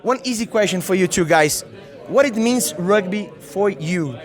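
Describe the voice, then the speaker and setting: A man's voice: sits high, lively intonation, moderate pace, soft background music. A young Brazilian man hosting an interview, friendly and switching between Brazilian Portuguese and English, which he speaks with a Brazilian accent as a non-native speaker. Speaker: interviewer, show host. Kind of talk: casual sideline interview.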